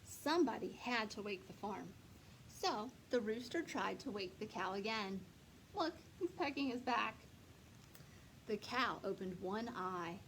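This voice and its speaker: A woman librarian reading a picture book aloud to young children, slowly and expressively. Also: a little high, a little hiss or hum, low-quality recording. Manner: slow, lively, expressive, speaks to children. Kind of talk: storytime read-aloud.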